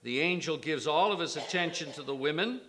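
A man preaching a sermon, slow and emphatic, rising sharply on quoted lines with scholarly asides. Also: a bit bright, a little hiss or hum. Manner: slow, emphatic, with sudden lifts in pitch and volume on quotations. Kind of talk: expository sermon.

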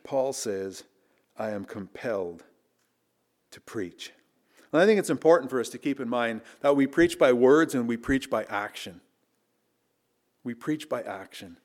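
A middle-aged man preaching in a chapel, telling a personal story with earnest emphasis that drops to hushed asides. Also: mid-range voice, moderate pace. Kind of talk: storytelling sermon.

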